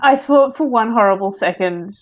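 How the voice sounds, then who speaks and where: A woman's voice: on the high side, animated, rough recording. A woman playing a tabletop game, chatting casually and laughing easily. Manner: giggly, quick to laugh. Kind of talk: casual chat.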